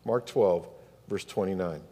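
A pastor with a Southern US accent preaching a sermon, asking rhetorical questions and repeating phrases for emphasis. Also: male voice, sits low, unhurried, warm tone, breathy edge. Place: church sanctuary. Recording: long reverb of a church hall.

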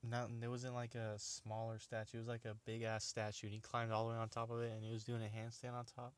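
A man's voice: mid-range voice, monotone, quick pace. A young man casually retelling funny videos, rambling with restarts, laughing often and using plenty of slang. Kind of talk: casual storytelling chat.

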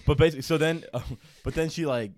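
A man's voice: fairly high pitch, quick pace. Young man rambling a bar story. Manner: rambling storytelling, heavy swearing, many restarts. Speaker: podcast co-host. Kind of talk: casual chat.

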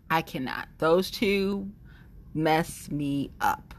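A young woman talking in a casual monologue, rambling and animated, with blunt opinions and lots of fillers. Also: deep voice, unhurried. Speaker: vlogger sharing opinions.

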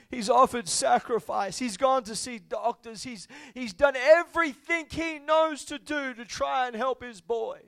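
Male preacher, high voice, fervent sermon delivery with big swings from hushed to loud. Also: creaky. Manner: impassioned, swinging from quiet to loud.

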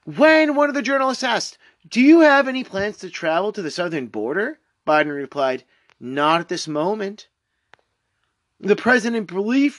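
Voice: mid-range voice, moderate pace. Swearing, sarcastic news-reacting vlogger. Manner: sarcastic, exasperated, swears often, mocking repetition; jumps between flat reading and loud outbursts. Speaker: commentator reacting to a news article. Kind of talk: reading an article aloud with ranting commentary.

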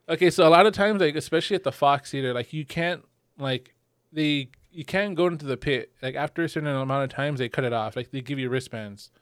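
A man's voice: fairly high pitch, fairly quick, smooth, no echo. A young man co-hosting a podcast, telling stories casually with many fillers and acted-out quotes. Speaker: podcast co-host. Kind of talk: casual chat.

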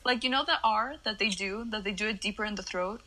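A woman's voice: medium pitch, quick pace, bright, forceful tone, poor audio. A young woman whose first language is Spanish, co-hosting a casual podcast and explaining things earnestly. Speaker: podcast co-host. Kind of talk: casual chat.

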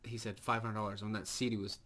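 A man's voice: fairly low pitch, flat delivery, brisk, pushed and bright. A man in his thirties, a podcast co-host rambling and cracking crude jokes in casual chat. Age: 30s. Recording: noisy background.

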